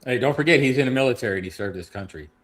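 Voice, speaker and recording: A man's voice: medium pitch, expressive, rapid-fire, a bit bright. A man co-hosting a casual chat, tossing in sarcastic asides.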